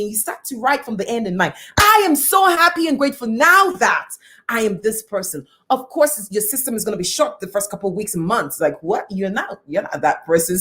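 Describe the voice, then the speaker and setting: A woman's voice: a little high, darkish tone. A woman giving a motivational talk as a coach, emphatic and repeating phrases for effect. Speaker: guest speaker and coach.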